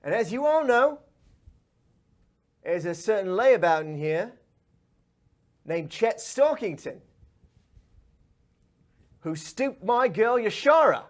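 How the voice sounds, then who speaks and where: A man voicing a swaggering fairy woman who runs a dueling club, loud and calling people love. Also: high-pitched, big pitch swings, takes it slowly, pauses often, voice pushed up, full character voice. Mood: threatening.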